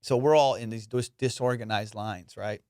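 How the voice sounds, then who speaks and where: A young man, a comedian hosting his podcast, telling a profane, animated story. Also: mid-range voice, moderate pace, clear, resonant tone, no echo. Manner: profane, animated, acts out voices. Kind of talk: casual storytelling.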